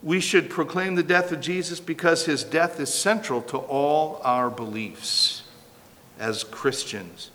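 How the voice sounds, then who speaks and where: Man, pastor, sermon, emphatic, bright forceful tone, echoing church hall. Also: on the high side, takes it slowly. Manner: emphatic, repetitive, asks the congregation questions. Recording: long hall reverb.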